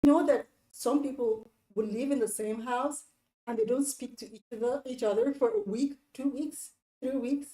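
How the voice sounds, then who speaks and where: A woman's voice: fairly high pitch, normal speed, mellow, roomy sound, low-quality recording. A woman hosting a relationship advice talk, speaking earnestly and directly to the viewer, often repeating herself for emphasis.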